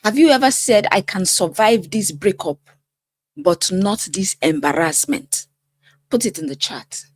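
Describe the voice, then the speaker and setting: A middle-aged woman speaks as a life coach to her viewers, slow and deliberate, her pitch rising and falling widely. She talks in an emphatic, direct way. The sound is close and dry, with no room echo. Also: lively intonation. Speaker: life coach and channel host. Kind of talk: casual commentary to camera.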